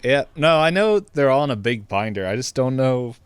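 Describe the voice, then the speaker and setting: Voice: mid-range voice, animated, normal speed, smooth, no room sound. A podcast co-host chatting casually, easygoing, with short replies and loose asides.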